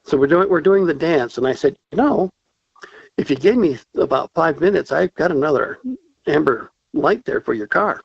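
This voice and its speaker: A man's voice: a little high, expressive, brisk, creaky, slightly rough, no echo, muffled recording. A man calling in to a talk show, telling a story casually and animatedly, acting out the voices he quotes. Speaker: caller.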